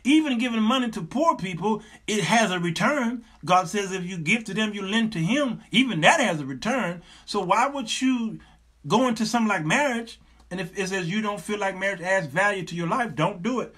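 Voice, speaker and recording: Middle-aged male host with a bright, husky voice; animated, sermon-style advice, joking and repeating himself. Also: high voice, moderate pace. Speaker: talk show host.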